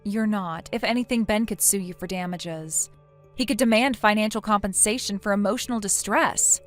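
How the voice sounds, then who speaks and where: A woman's voice: medium pitch, normal speed, soft background music, close to an everyday voice. A synthetic woman's voice playing a blunt young woman who lectures her friend sternly in a text-message story. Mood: scolding. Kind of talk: text-to-speech text story narration.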